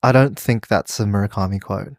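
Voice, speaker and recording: A man's voice: fairly low pitch, fairly quick, no room sound, clean studio sound. A man chatting casually on a podcast, rambling with many "like"s and restarts. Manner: rambling, heavy use of "like", restarts. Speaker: podcast co-host and quiz contestant.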